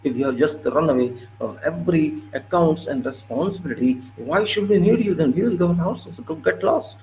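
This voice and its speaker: A man delivers an impassioned monologue, his gravelly voice rising in indignation as he lectures and repeats himself. A faint hum sits under the recording. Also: on the high side, darkish tone, low-quality recording. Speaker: political commentator.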